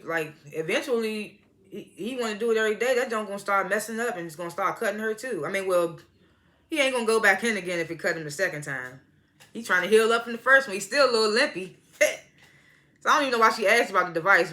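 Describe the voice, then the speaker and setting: Her voice is lowish and bright with a forceful edge as this TV show reviewer recaps an episode. She keeps it casual, laughing frequently and acting out lines from the scenes.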